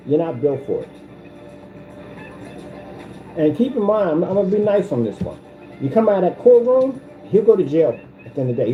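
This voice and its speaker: This man speaks at a medium pitch, and the highs in the audio are cut off. He's a channel host delivering a confrontational commentary rant, taunting and repeating himself, with echo and music behind.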